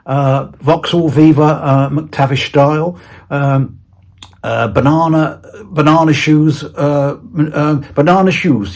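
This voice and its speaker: A man's voice: fairly high pitch, takes it slowly. A British man as an interview guest, chatting casually in a playful, rambling way with stammered restarts. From Britain. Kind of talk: casual chat.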